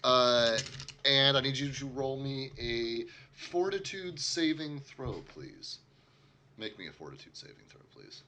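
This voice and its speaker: A man narrating and running a tabletop role-playing game as game master, laughing often between quick asides. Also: medium pitch, animated, bright, forceful tone, a little hiss or hum.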